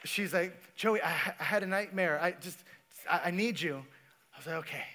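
A man's voice: sits high, moderate pace, bright, forceful tone, slight background noise. A man preaching a sermon, telling stories in a casual way and talking to the congregation. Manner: casual, storytelling, talks to the congregation. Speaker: pastor.

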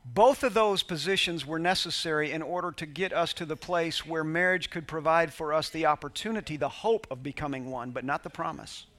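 A man's voice: on the high side, brisk, few pauses, fairly bright tone. A male pastor telling a personal story in a sermon, acting out bits of dialogue and joking with his congregation. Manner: conversational preacher, quoting dialogue, laughing with congregation.

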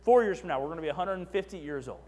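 Pastor, male, high voice, chatty sermon with asides, church hall reverb. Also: lively intonation, racing, mellow. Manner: conversational, asides and repeated "right?".

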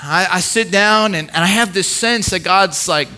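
A young man with a high, bright voice gives a sermon as a story, putting on the voices of the people in it. He often repeats his words as he goes, and his tone stays clear and ringing. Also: moderate pace. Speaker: preacher.

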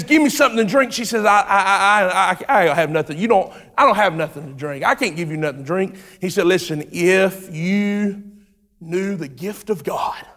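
A man preaching a sermon, telling a story in a relaxed way, acting out its voices and building to shouted preaching. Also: high-pitched, moderate pace. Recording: long hall reverb.

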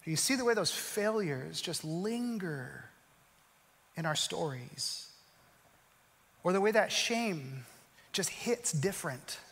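High-voiced preacher in a reverberant hall. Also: male voice, lively intonation, creaky. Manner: swings from loud, quick storytelling to slow, hushed emphasis. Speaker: pastor. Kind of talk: sermon.

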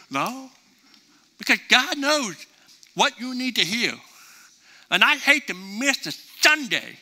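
A man's voice: sits high, moderate pace. A middle-aged male pastor preaching a conversational sermon, acting out little dialogues as he goes. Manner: conversational, animated, acts out both sides of dialogues.

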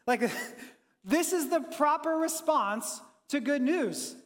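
A pastor giving an energetic, conversational sermon and talking with his congregation in a church. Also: very high-pitched, measured pace, long reverb tail.

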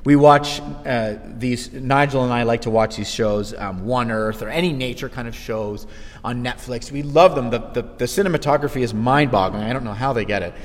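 A man preaching a sermon in a lively, conversational way, acting out quotes as he goes. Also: medium pitch, normal speed, in a large hall.

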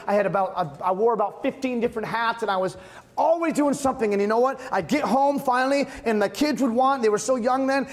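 A man in his thirties, a pastor, preaching a conversational sermon with emphatic repeated refrains. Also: high-pitched. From Massachusetts.

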